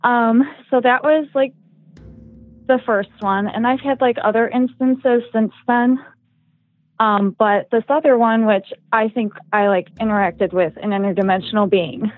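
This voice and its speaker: A young woman, a guest on a casual podcast, tells a personal story, rambling with heavy use of "like" and "um." Her voice sits on the high side with a steady tone and an unhurried pace. The recording is dry and tinny, like a phone.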